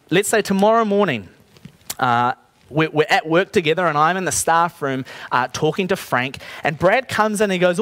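A man delivering a sermon in a relaxed, conversational way, stopping often to put questions to his listeners. His voice sits a little high and swings widely in pitch. The sound is dry and close. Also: dry recording. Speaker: preacher. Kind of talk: sermon with a Bible reading.

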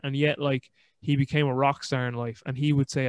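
Man, podcast host, casual chat, smooth resonant tone, fairly flat delivery, dry close sound, rambling storyteller. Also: medium pitch, brisk, few pauses, no echo. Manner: rambling, restarts often, animated storytelling.

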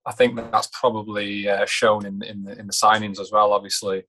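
Man, low voice, monotone, casual football talk, measured, hesitant. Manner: measured, hesitant, many fillers and restarts. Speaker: podcast co-host.

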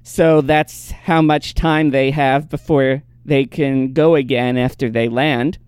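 A woman's voice: a bass voice, fairly even intonation, slow pace, a little mellow, clear, resonant tone, no room sound. A woman hosting a podcast, recapping an episode in casual chat and laughing often. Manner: narrates plot, laughs often.

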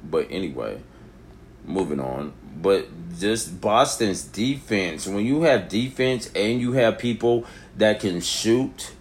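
A young man with a very deep voice rants casually to camera, rambling from topic to topic. He swings from near-shouted peaks down to low mutters. A faint hiss of noise sits under the recording. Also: slow. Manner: rambling, animated, rising to near shouts then dropping low. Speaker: vlogger. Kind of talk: casual opinion monologue.

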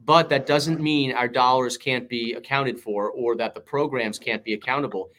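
A man's voice: medium pitch, steady tone, moderate pace, fairly bright tone, slight background noise. A man with a New York accent, a political candidate answering interview questions in punchy, emphatic campaign rhetoric.

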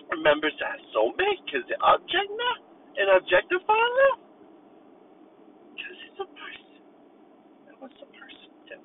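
High-voiced man rambling while driving. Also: creaky. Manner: absurd mock-motivational rambling in a put-on voice. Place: inside a moving car. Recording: tinny phone-like audio with faint road noise.

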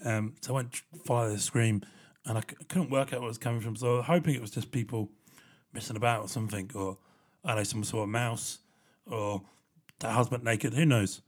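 Casual male vlogger, young adult, rambling animated storyteller who swears a lot. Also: medium pitch, fairly quick.

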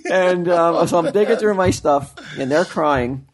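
A man's voice: a little high, animated, moderate pace. A man telling a long story in casual chat, with many fillers and restarts. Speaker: podcast co-host telling a story.

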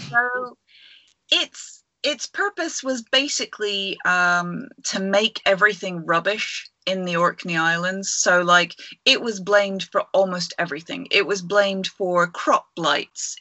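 A woman's voice: fairly low pitch, pushed and bright, no room sound. A woman co-hosting a casual podcast over a video call, rambling enthusiastically through a creature legend with many fillers. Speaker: podcast co-host. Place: at home.

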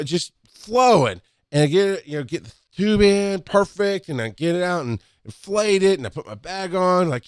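A man who used to be a paramedic tells work stories in a casual, animated way, with laughs and acted-out quotes. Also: smooth, no room sound, clean studio sound. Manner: animated, acts out quotes with rising pitch and laughs. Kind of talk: casual storytelling monologue.

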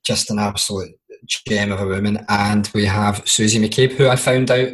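Glaswegian man in his forties, animated storyteller. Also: fairly low pitch, normal speed. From Scotland. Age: 40s. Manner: animated storyteller who acts out quoted relatives, laughing often. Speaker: podcast co-host, mental health nurse. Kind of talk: casual chat.

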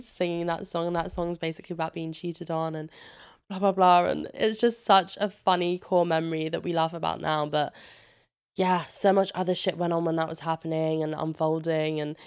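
In her twenties, this female vlogger tells an open, personal story in a low, clean voice at a brisk clip. Her chatty talk is full of swearing and lively re-creations of what others said.

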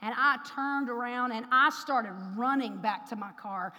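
A woman's voice: sits high, moderate pace, few pauses, pushed and bright. A middle-aged woman preaching in church, telling a personal story with emotion and speaking directly to the congregation. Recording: reverberant hall.

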